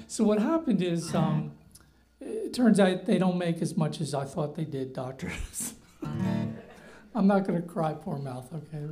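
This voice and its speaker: A middle-aged doctor and singer-songwriter from New Jersey, with a light North Jersey accent, tells wry, rambling, self-deprecating stories between songs at a live music venue. His voice is on the high side and warm. The low-quality recording has a guitar faintly behind him.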